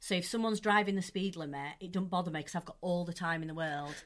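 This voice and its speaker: A woman's voice: lowish voice, fast. A young woman, co-hosting a casual podcast and telling stories with lots of fillers. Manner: chatty, animated storytelling with frequent fillers. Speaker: podcast co-host. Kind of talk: casual chat.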